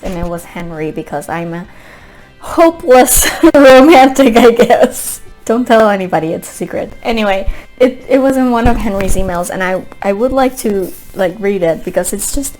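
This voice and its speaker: A woman's voice: mid-range voice, a little mellow. A woman book vlogger chatting casually in a review, gushing and rambling, with many restarts and frequent laughter.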